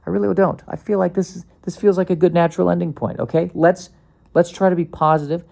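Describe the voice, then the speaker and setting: A man's voice: high-pitched, steady tone, fast, vocal fry, mellow. A man hosting his own podcast, rambling casually with sarcasm, restarts and bursts of mock panic. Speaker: podcast host.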